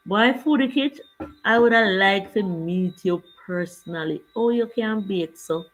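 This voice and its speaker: A woman's voice: medium pitch, unhurried, rough recording. An older woman, chatting casually on her livestream and greeting viewers by name. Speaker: livestream host.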